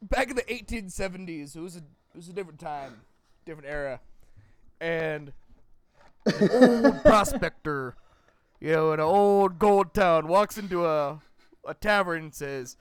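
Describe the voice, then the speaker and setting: High-voiced joking podcast guy. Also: expressive, unhurried, clean tone. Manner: joking, tells jokes with restarts. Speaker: podcast co-host. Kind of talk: casual chat.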